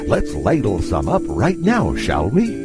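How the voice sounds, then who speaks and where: A man putting on the voice of a deep-voiced cartoon superhero host, with a grand, booming announcer delivery. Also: huge pitch swings, unhurried. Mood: grandiose. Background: music.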